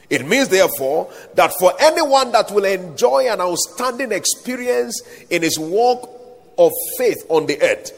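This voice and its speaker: A man preaches in a husky voice that swings widely and sits high. His long reverb fills a hall, and he keeps the delivery emphatic with call-and-response. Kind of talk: sermon. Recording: echoey hall, voice at times off-mic.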